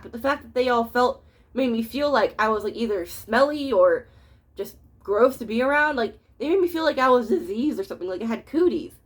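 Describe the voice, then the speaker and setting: Lady rambling thru a storytime vlog at home, swears a lot, kinda high voice. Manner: rambling, profane, laughs mid-story. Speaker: storytime vlogger. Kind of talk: casual storytime monologue. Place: home room with a cat nearby.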